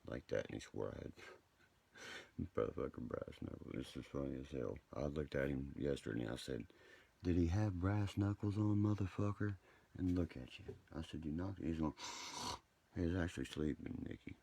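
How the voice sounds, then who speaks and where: A man with an extremely low, gravelly voice rambles through a late-night livestream. His delivery is profane and meandering, with a husky, rough edge to every line. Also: fairly quick, darkish tone.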